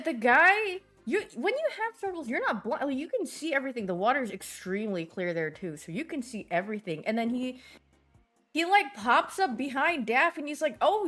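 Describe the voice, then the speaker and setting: A woman's voice: sits high, a bit bright. A young woman streamer chatting casually with her viewers, rambling through stories and laughing often. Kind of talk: casual livestream chat, answering viewers.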